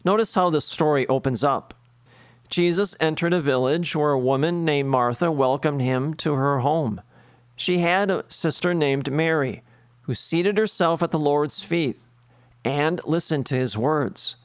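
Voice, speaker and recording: A man's voice: fairly high pitch, measured pace, clean tone, no echo, clean studio sound. A priest preaching a sermon, earnest, building his points with lists and rhetorical questions.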